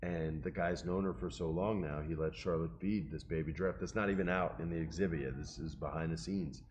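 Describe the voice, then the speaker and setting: A middle-aged man casually telling an emotional, animated story and quoting the people in it. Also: very deep voice, a little fast, slight background noise. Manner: animated, emotional, quotes people in his stories.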